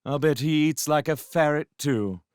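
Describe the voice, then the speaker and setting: A man's voice: on the high side, smooth, no echo, clean studio sound, voice pushed up, lightly acted. A man voicing a sneering young magician. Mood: offhand. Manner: mocking, quick, sharp-edged.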